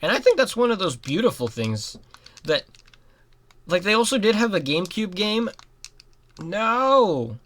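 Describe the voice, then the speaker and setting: A young adult giving rambling let's-play commentary, breaking into giggles and sudden loud outbursts at the game. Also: medium pitch, very animated, a little slow, long pauses. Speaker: gaming commentator.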